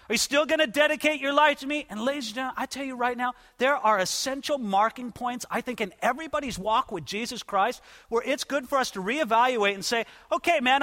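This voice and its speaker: A man preaching a sermon as pastor to his congregation, emphatic, swinging from loud urging to hushed, intimate lines. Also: very high voice. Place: church sanctuary. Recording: long reverb of a large hall.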